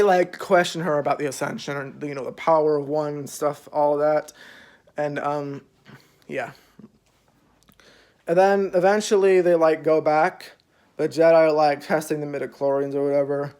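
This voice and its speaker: A man's voice: fairly high pitch, steady tone, a little slow, long pauses, darkish tone, smooth. A young man casually recapping a show's episodes, rambling with lots of fillers and freely swearing. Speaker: show reviewer.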